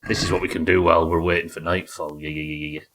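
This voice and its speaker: Deep-voiced man streaming a game. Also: level tone, quick pace, fairly bright tone, slight background noise. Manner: casual, profane, jokey; yelps high in tense fights. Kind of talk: live gameplay commentary.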